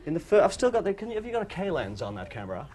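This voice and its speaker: A man's voice: sits high, wildly swooping pitch, very fast. A man being interviewed as a comedy guest on a chat show, giggly, manic and full of jokes. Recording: noisy TV recording.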